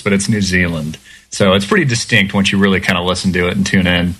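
A man's voice: deep voice, fairly even intonation, quick pace, a bit bright, slightly rough. A man as a guest on a talk radio show, speaking intensely and stacking up points with emphasis. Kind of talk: casual radio interview.

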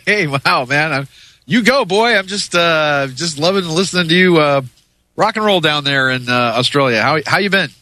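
A man's voice: fairly high pitch, lively intonation, moderate pace, bright, forceful tone, no room sound, rough recording. A man as a talk show guest, rambling with many restarts in a chummy way. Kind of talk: casual interview chat.

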